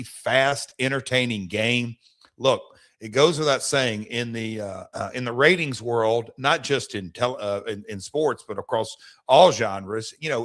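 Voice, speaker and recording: Speaking with a fairly bright, medium-pitched voice, a middle-aged Nashville, Tennessee man joins a radio sports talk show as a guest. He's a wrestling promoter and team partner, and he tells stories with eager promoter's patter, often starting sentences over.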